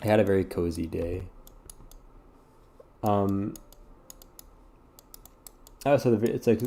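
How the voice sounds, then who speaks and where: A man's voice: lowish voice, slow pace, vocal fry, long pauses, dark tone. A sleepy man chatting casually while playing a puzzle game, rambling, apologetic and swearing often. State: yawning, sleepy. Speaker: gaming streamer.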